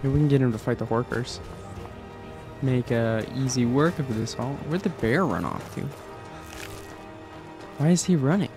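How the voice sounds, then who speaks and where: Man, gaming commentary, jokey, lively voice, game music underneath. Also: mid-range voice, moderate pace, long pauses. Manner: jokey, chatty, talks to the game characters. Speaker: gamer playing through a game. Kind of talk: let's play commentary.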